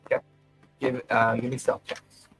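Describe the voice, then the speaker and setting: A man narrating as game master in a tabletop game, describing scenes at an unhurried pace and chuckling often. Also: medium pitch, little pitch movement, vocal fry, a bit bright, faint music behind, low-quality recording.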